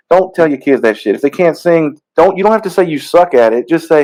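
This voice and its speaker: A man's voice: fairly high pitch, quick pace, hardly any pauses, poor audio. A man co-hosting a casual comedy podcast, ranting with lots of profanity and mocking impressions. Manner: profane, animated, mocking voices. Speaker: podcast co-host.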